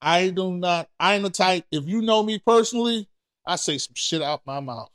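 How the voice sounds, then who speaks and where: A man co-hosting a podcast in casual chat, telling blunt and candid stories that grow loud when he acts out arguments. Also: high voice, moderate pace, no echo, clean studio sound. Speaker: podcast co-host.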